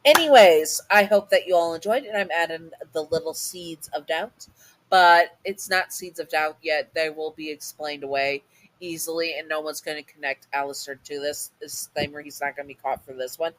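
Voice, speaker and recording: A woman's voice: sits low, steady tone, moderate pace, a bit bright, low-quality recording. A woman casually reading a second-person fan audio story, often stumbling over and restarting words.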